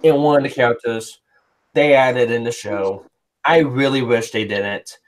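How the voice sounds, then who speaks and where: A man's voice: mid-range voice, measured pace. A man hosting a casual chat, rambling and blunt with heavy swearing. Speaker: podcast host. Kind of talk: casual chat reviewing anime.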